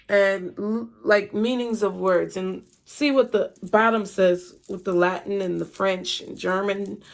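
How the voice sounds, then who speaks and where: Woman, tarot reader, casual, profane, talkative, fry in the voice. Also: medium pitch. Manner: chatty, blunt and profane.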